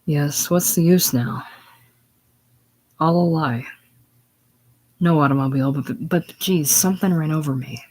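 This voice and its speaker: A man's voice: on the high side, measured pace, pauses often. A man voicing an aging saloon keeper, worn down and spiritless, in a stage play reading. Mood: dull. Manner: pleading, then flat and dull. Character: older male saloon owner, broken and spent.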